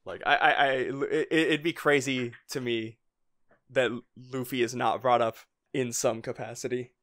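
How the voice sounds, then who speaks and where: A man's voice: medium pitch, fairly even intonation, unhurried, a bit bright. A man co-hosting a casual fan podcast, rambling through his points with lots of "like" fillers and frequent chuckles. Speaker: podcast co-host.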